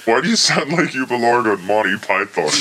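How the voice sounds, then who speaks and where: A man's voice: medium pitch, sharp tone, a little hiss or hum. A man co-hosting a mock cooking show, bickering in improvised banter with an exasperated tone, sitting back from his mic. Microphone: headphones and a microphone, sitting back from it.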